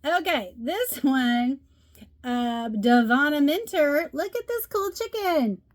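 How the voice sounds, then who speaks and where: A chatty middle-aged woman with a slightly high voice hosts a craft video. She gushes over each card in a relaxed show-and-tell way. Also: takes it slowly. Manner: gushing, chatty, says "love" a lot. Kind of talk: casual show-and-tell chat.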